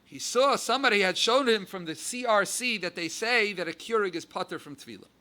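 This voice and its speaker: Animated rabbi, bright high voice. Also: male voice, fairly quick. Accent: American English with Yiddish and Hebrew terms. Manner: animated, rising emphasis on key words. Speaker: rabbi giving a Torah class. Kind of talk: halacha lecture.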